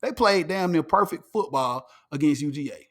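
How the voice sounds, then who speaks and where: High-voiced emphatic man. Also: moderate pace. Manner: animated and emphatic, repeating words. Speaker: podcast host. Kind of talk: casual sports chat.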